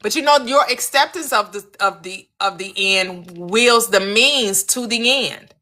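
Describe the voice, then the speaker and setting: A manifestation coach hosts a live-stream, talking animatedly to her viewers and addressing them by name as she teaches. Her medium-pitched voice is bright and forceful, a little slow, and she repeats her questions for emphasis and acts out small quoted scenes.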